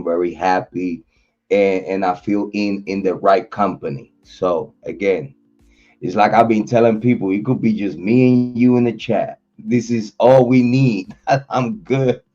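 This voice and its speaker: A man hosting a livestream, chatting loosely with his viewers in a slangy, repetitive style and giving shout-outs. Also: lowish voice, steady tone, unhurried. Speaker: livestream host. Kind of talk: casual livestream chat. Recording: dull lo-fi audio, faint music.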